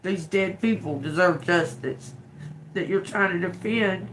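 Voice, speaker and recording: A woman's voice: on the low side, a little slow, slight background noise. A woman giving a live-streamed tarot reading, emotional and blunt, swearing freely. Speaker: tarot reader.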